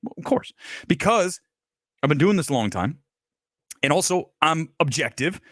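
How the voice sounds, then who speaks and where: A man's voice: fairly high pitch, lively intonation, moderate pace, fairly bright tone, no echo, studio quality. Blunt, emphatic male film critic. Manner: blunt, emphatic, self-assured. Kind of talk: opinionated livestream commentary.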